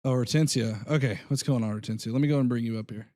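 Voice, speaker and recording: A man's voice: medium pitch, fast, mellow. A man hosting a live call-in stream, talking casually in a loose, rambling way and laughing often. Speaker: host.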